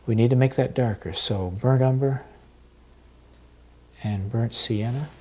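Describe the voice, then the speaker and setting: A male instructor talks through an oil painting demonstration at a slow, unhurried pace. His voice sits at an ordinary middle pitch, calm and steady. He pauses often as he works.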